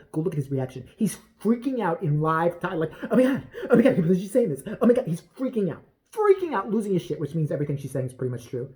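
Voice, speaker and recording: Brief: woman vlogger, low voice, swings a lot in pitch, ranting bluntly and swearing freely. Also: dark tone. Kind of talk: casual gossip commentary.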